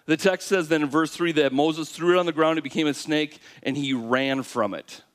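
His voice fairly high and his speed normal, the pastor delivers a sermon as animated storytelling. He performs the parts of God and Moses and addresses questions to the audience.

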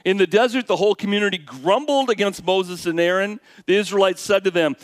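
A man preaching a sermon, animated, swinging from hushed asides to loud exclamations. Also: high voice, brisk, hardly any pauses, no echo, clean studio sound. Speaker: pastor.

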